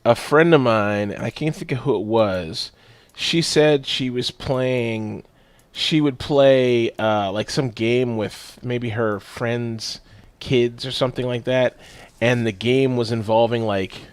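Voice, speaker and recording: A man's voice: mid-range voice, slow, dry recording. A man hosting a podcast, telling stories with lots of swearing and acted-out quotes in casual chat. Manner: animated storyteller, swears a lot, acts out quotes. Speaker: podcast host.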